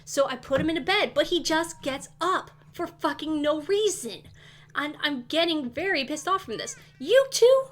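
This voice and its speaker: A woman's voice: sits high, normal speed, fairly bright tone. A woman streaming a game, casually chatting, exasperated and swearing as she scolds the characters. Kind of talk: casual live gameplay chat.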